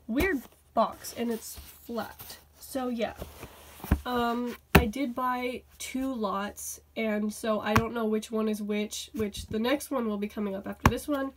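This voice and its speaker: A woman vlogger unboxing a toy haul, gushing and excitable, often exclaiming over how cute things are. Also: on the high side, heavy background noise. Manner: gushing, excitable, many "oh my goodness".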